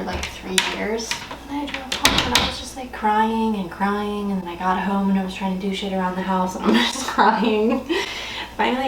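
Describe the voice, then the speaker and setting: A woman's voice: medium pitch, background noise. A young woman vlogging at home, chatting casually and rambling, questioning herself as she goes. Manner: rambling, self-questioning, frequent laughs. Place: home kitchen. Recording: roomy, distant, with kitchen clatter.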